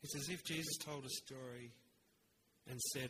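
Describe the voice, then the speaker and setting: A man preaching a sermon in an earnest, measured way, with rhetorical pauses. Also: medium pitch, fairly even intonation, noisy background.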